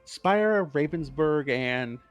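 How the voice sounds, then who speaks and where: A man's voice: a little high, animated, takes it slowly, highs cut off, soft background music. A man co-hosting a casual podcast, explaining game lore in a rambling, profane way and correcting himself as he goes.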